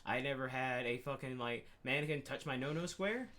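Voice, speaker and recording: A man telling a rambling, profane story in a casual gaming chat, animated and quick to swear. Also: medium pitch. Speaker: podcast co-host.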